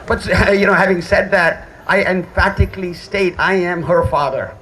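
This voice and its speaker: A man's voice: sits high, fairly even intonation, moderate pace, pushed and bright, a little hiss or hum, low-quality recording. A middle-aged man giving a father of the bride speech at a hotel wedding reception, joking and poking fun at himself. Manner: joking, self-deprecating.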